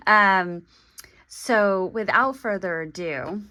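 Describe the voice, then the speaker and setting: A woman in her forties talking through an unboxing vlog, halting and hesitant, with many pauses and restarts. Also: lowish voice, bright, forceful tone. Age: 40s. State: emotional, getting teary. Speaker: stationery vlogger.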